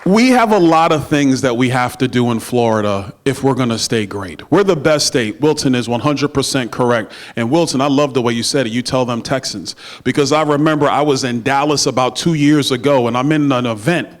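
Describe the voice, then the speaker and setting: A man's voice: medium pitch, a little fast, hardly any pauses. A middle-aged man giving a campaign stump speech at a dinner, with emphatic oratory and playful banter with the crowd. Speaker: political speaker at a party dinner. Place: banquet room. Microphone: handheld microphone.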